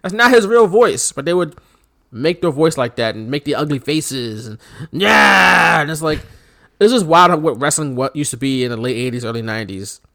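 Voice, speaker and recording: Speaking at a quick pace in a mid-range voice, a man co-hosts a podcast full of casual chat. He's animated and laughing, with joking asides and the occasional mock shout.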